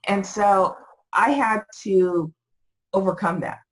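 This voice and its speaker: A woman's voice: medium pitch, takes it slowly, rough recording. A woman guest on a podcast, talking reflectively with lots of "you know" fillers. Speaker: podcast guest, business owner. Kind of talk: casual interview talk.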